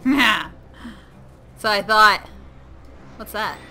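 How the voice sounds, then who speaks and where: Excitable woman playing a horror game, super bright high voice, wild swings, slow talker. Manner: excitable, shrieks and swears at the game. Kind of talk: casual let's-play commentary.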